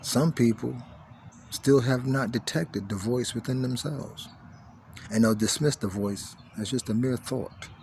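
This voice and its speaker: A man giving a spiritual teaching monologue, repeating key phrases and swinging between hushed lines and forceful emphasis. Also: medium pitch, unhurried, a little hiss or hum.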